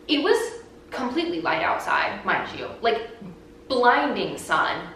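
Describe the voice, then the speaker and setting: A woman's voice: fairly high pitch, measured pace. A young woman hosting her own vlog and podcast, telling a story casually and animatedly and saying "like" a lot. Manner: chatty, heavy use of "like", animated retelling. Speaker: vlogger and podcast host. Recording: very echoey room, voice from a distance, faint background noise.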